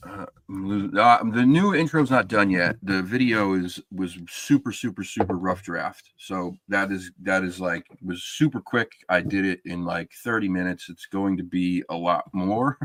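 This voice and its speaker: A man's voice: low-pitched, normal speed, few pauses, fairly bright tone, no echo. A man hosting a live podcast stream, chatting casually and rambling with lots of fillers. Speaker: podcast host.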